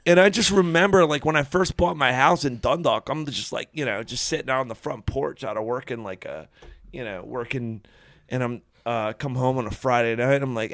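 A man's voice: medium pitch, normal speed, fairly bright tone, dry recording, studio quality. A young man telling a long story in casual chat, cursing freely and restarting his sentences. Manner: profane, rambling storytelling with restarts. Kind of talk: casual chat among friends.

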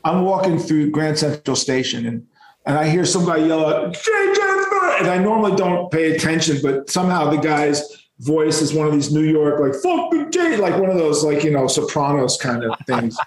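Animated man telling rock stories. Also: on the high side, normal speed, roomy sound, poor audio. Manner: animated and profane. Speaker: rock musician guest. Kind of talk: casual storytelling.

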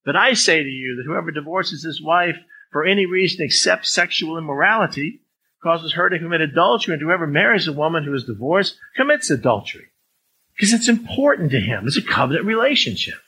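Male pastor, conversational sermon, bright forceful tone, slightly higher voice, faint background hum. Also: expressive, a little fast, rough recording. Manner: conversational, acts out swearing speakers in a raised voice.

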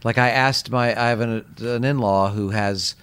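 A man's voice: mid-range voice, steady tone, fairly bright tone, clear, resonant tone. A man in casual podcast conversation who stops and restarts his sentences as he thinks aloud. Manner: halting, restarts a lot while thinking aloud.

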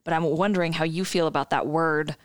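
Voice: mid-range voice, fairly even intonation, fairly quick, no room sound. Thoughtful co-host asking questions, dry sound. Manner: thoughtful, asks questions and adds examples. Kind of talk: casual conversational chat.

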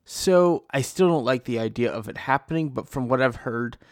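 A man's voice: mid-range voice, moderate pace, no room sound, clean studio sound. A man hosting a podcast, chatty and upbeat as he leads a casual panel discussion. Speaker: podcast host.

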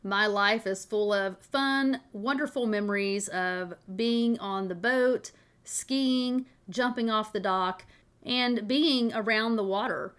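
A woman's voice: mid-range voice, slow, fairly bright tone, clean tone. A woman from Tennessee talks straight to her listeners in a motivational podcast. Her delivery is upbeat and folksy, full of homespun stories and rhetorical questions. She has the easy voice of a mother and a regular show host. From Tennessee, USA. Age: adult with children.

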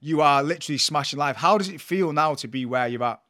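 An upbeat man hosting a casual podcast, encouraging his guest with friendly slang. His voice sits a little higher than most men's. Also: quick pace, sharp tone. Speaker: podcast host.

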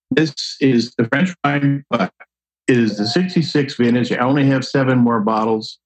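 An older man telling a long personal story in a casual, animated way, acting out the voices of people he quotes. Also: medium pitch, a little fast, lo-fi sound. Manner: animated, acts out quoted voices, laughs often. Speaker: guest storyteller.

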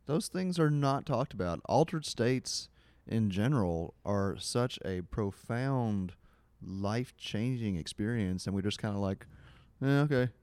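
A man's voice: on the low side, measured pace, no echo. A man in casual chat, joking and swearing, telling loose stories. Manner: animated, joking, swearing, gravelly.

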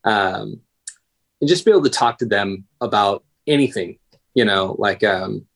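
A man's voice: on the low side, unhurried, vocal fry, a bit bright. A man in his thirties, a paramedic guest on a podcast, chatting casually in a rambling, self-interrupting way. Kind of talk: casual conversation.

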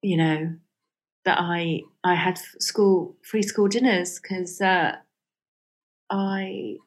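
A woman's voice: on the low side, steady tone, slow pace. A middle-aged woman comedian guest recalling school days in a candid, hesitant way, with many restarts. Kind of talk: reflective casual interview talk.

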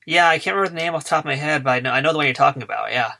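A man's voice: fairly high pitch, rapid-fire, creaky, bright, forceful tone. A man hosting a casual interview, laughing along with his guest and asking long questions. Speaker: podcast host.

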